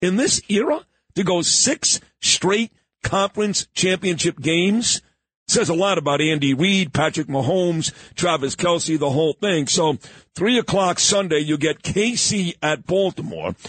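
A man's voice: a little high, animated, measured pace, a bit bright, slightly rough, no echo. A man hosting a morning radio talk show, chatting casually, joking and talking sports. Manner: chatty, joking, coughing at times.

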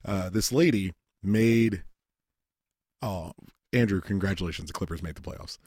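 A man's voice: deep voice, normal speed, dry recording, clean studio sound. A man telling a rambling, profane story in casual chat, often quoting people in put-on voices. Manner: rambling storytelling, heavy swearing, animated quoted voices. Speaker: podcast host.

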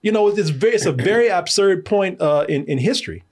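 American guy hosting a movie review podcast, husky voice, animated and swearing, lots of uhs. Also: sits high, fast talker. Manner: animated, laughing, profane, lots of fillers. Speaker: film review podcast host. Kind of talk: casual film review chat.

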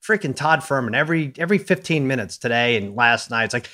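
A man co-hosting a casual sports talk show, animated and quick to act out what others said. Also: medium pitch. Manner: animated, acts out quotes. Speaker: podcast co-host.

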